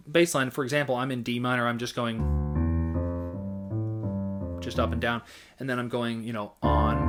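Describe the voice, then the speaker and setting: A man teaching accompaniment rhythms in a casual, halting way, often singing rhythm patterns in nonsense syllables. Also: mid-range voice. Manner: relaxed, halting, vocalizes rhythms with scat syllables. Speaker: music teacher. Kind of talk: casual instructional talk.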